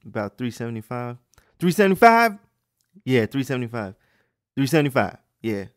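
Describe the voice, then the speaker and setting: A man voicing a loud, obnoxious male store customer who scolds and repeats himself. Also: mid-range voice, sing-song, brisk, dry recording, studio quality, close to an everyday voice. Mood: pushy questioning.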